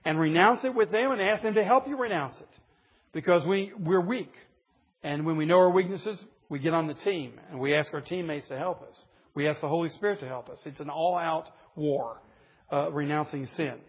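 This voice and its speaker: A man's voice: a little high, moderate pace, breathy edge. A man preaching a sermon to a group of men, earnest, pressing his points with rising emphasis. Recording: dull lo-fi recording in a reverberant hall.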